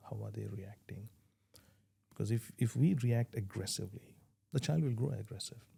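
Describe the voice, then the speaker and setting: A man's voice: on the low side, vocal fry, warm tone, husky. A man speaking earnestly in an interview, advising on parenting and restarting his sentences as he thinks. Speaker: parenting guest. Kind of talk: conversational interview answers.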